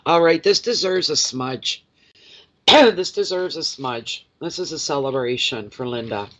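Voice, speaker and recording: A man's voice: a little high, unhurried, a bit bright, muffled recording. A middle-aged man and intuitive card reader, chatting emotionally and telling stories on a casual livestream.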